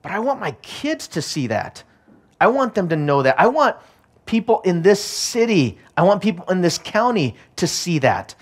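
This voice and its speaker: A man's voice: sits high, big pitch swings, moderate pace. Pastor man preaching with rising urgency. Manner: personal storytelling that builds to urgent, repeated exhortation. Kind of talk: sermon.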